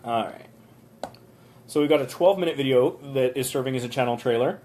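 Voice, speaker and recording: In a mid-range, darkish voice that runs a little fast, a man chats on a live stream he's hosting from a motel room via his phone. He loosely reviews viewers' channels, rambling along with many ums and some small rants in this casual commentary.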